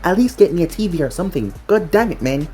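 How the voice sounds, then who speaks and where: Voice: mid-range voice, very animated, fast, darkish tone, close to an everyday voice. A narrator voicing a bratty, sarcastic nineteen-year-old girl who whines and complains, over faint music. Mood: whiny. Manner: whiny, sarcastic.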